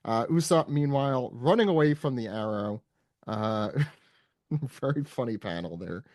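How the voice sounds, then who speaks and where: Male podcast host, wry and easygoing, mid pitch, dead-dry recording. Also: expressive, measured pace, a little mellow, dry recording. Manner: dry wisecracks, hands the floor to co-hosts. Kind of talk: casual chat.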